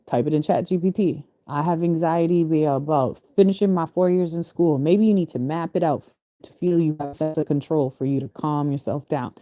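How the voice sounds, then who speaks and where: A woman's voice: on the low side, mellow, dry recording, studio quality. A woman casually reading scripture verses aloud and explaining them in loose, chatty asides, often restarting her phrases and laughing easily. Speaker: spiritual reader.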